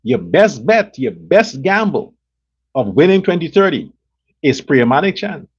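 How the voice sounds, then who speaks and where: A man's voice: on the high side, big pitch swings, unhurried, slightly rough. A man with a Guyanese accent ranting bluntly and profanely about politics as a show host, hammering his points over and over. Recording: dull lo-fi sound.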